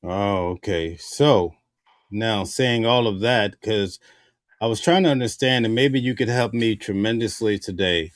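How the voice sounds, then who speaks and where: A man hosting an interview, asking measured, probing questions. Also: on the low side, no room sound, studio quality. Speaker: host.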